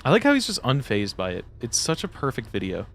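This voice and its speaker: A man's voice: mid-range voice, wildly swooping pitch, quick pace, gravelly. A young man streaming a game, joking and rambling casually to his viewers and swearing freely. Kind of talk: casual chat to stream viewers while gaming.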